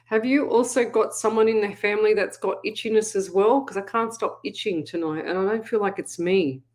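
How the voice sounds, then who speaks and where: A woman's voice: medium pitch, a little fast, a little mellow. A woman hosting a live psychic call-in show, chatting easily, laughing often and reading out listeners' comments. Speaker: psychic medium radio host.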